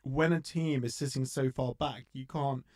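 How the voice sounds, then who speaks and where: A man's voice: medium pitch, fairly even intonation, normal speed, a little mellow. A man co-hosting a casual football fan podcast, chatty and joking, with lots of restarts and fillers. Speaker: podcast co-host.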